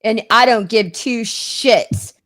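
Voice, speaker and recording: A woman's voice: a little high, slow pace, fairly bright tone. Upset woman ranting indignantly. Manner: indignant, impassioned, repeats herself. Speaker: live show host. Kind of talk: live-stream rant.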